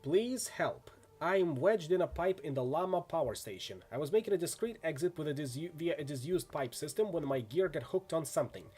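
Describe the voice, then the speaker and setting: Guy reading a stuck runner begging for rescue, lively and pleading. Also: fairly high pitch, a little fast, hardly any pauses, slightly rough. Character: runner trapped in a pipe, pleading.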